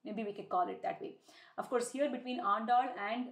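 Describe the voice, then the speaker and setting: A woman's voice: on the high side, brisk. A woman with an Indian English accent and Tamil as her native tongue, teaching a devotional scripture lesson in an explanatory storytelling manner. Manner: explanatory storytelling, dramatizes quotes. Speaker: religious discourse presenter. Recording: roomy echo.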